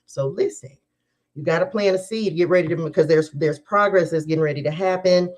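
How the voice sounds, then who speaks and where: A woman's voice: lowish voice, a little fast, darkish tone. A woman tarot reader hosting a live stream, chatting casually and with animation, laughing often and talking straight to viewers.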